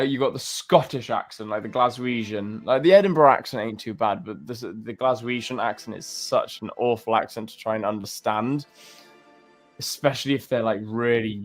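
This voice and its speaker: A young British man chatting casually and joking as a co-host of a livestream. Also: mid-range voice. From Britain. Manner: laughing, joking, banter. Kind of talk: casual chat.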